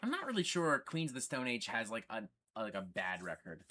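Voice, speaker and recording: A man's voice: medium pitch, wildly swooping pitch, brisk, sharp tone, slight background noise. A man hosting a casual livestream, talking enthusiastically and swearing freely. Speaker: livestream host.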